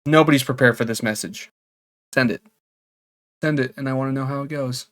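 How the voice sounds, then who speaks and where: A mid-pitched man riffs sarcastically on creepy messages. He laughs often and swears casually, in a loose comedic commentary style. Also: fairly quick, a bit bright.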